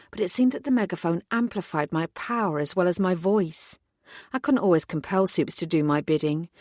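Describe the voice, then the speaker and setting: A woman narrating a first-person paranormal audiobook in a measured, steady storytelling voice. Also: on the low side, dry recording, clean studio sound.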